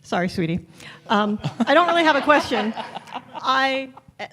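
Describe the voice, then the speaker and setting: A woman's voice: high voice, normal speed, slight background noise. Gushing woman fan at a mic. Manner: gushing, excited. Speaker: fan asking a question. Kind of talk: audience question at a convention.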